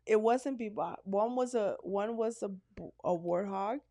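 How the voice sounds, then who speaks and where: A Canadian woman co-hosts a casual chat podcast, telling stories with animation and acting out the quotes. Her medium-pitched voice keeps a measured pace, recorded dry with clean studio sound.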